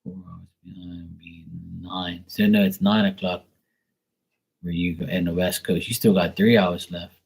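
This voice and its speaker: A man's voice: low voice, steady tone, unhurried, slightly rough, rough recording. A man hosting a live tarot stream, chatting casually in a loose, profane way and filling his talk with "like". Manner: loose and profane, heavy on fillers like "like". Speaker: tarot reader hosting a livestream. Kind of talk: casual livestream chat.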